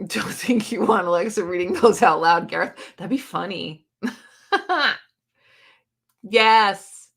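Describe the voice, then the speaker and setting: A woman's voice: mid-range voice, slow pace, creaky, pauses often, slightly rough. A woman hosting a casual livestream about books, chatting loosely, laughing often and reacting to viewer comments. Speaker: book channel host.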